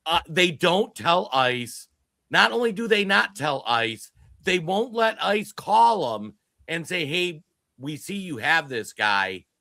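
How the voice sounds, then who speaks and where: A man co-hosting a political podcast, his voice swinging widely and sounding bright and forceful. He talks in an emphatic, animated way and often restarts his sentences. The sound is close and dry. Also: fairly high pitch, gravelly, no room sound. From Minnesota. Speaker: podcast co-host. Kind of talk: political commentary chat. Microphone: streamed podcast mic.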